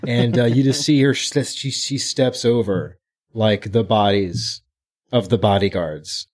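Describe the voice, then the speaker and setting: A man's voice: on the low side, slow. A man co-hosting a casual book podcast, animatedly retelling a chapter and acting out the characters' lines. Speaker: podcast co-host. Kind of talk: casual book-club chat.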